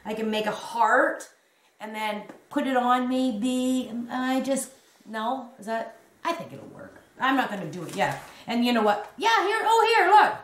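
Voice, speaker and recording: A woman's voice: on the high side, sing-song, a little slow, a little hiss or hum. A woman in her fifties chatting casually at home about her crochet, rambling and restarting her sentences with little giggles. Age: 50s. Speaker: crochet vlogger. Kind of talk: casual show-and-tell chat. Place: home room. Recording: echoey room.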